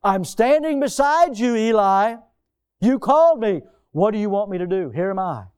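An eager, obedient young Samuel answers his master in an earnest, lifted, pleading voice, as a man acts him out mid-sermon. The tone sits high and bright for a man. It is told as part of a church sermon. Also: animated, quick pace, clear, resonant tone.

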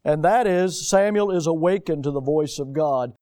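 A middle-aged male pastor preaching a sermon, emphatic and fond of rhetorical questions, swinging between loud and hushed delivery. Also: on the high side, normal speed, smooth.

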